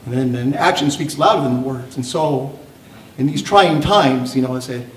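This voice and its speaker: A man's voice: mid-range voice, normal speed, slight background noise. An older man, a tribal elder speaking on a panel, giving an earnest, pleading speech to an audience and stumbling over repeated words. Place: event hall after a screening. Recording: roomy hall, voice from off the mic.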